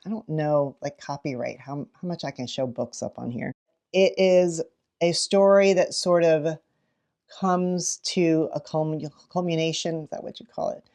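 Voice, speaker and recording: A middle-aged woman teacher giving read-aloud tips, animated and dramatic, with sudden gasps. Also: deep voice. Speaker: teacher and children's librarian.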